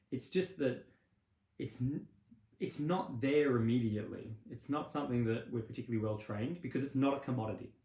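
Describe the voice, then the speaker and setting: A male meditation teacher talks loosely and conversationally, wandering between points and acting out little imagined exchanges. His voice sits at an ordinary middle pitch. The recording carries a noticeable roomy echo. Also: a little mellow. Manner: rambling and conversational, acts out little scenes with laughs. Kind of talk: casual spoken teaching.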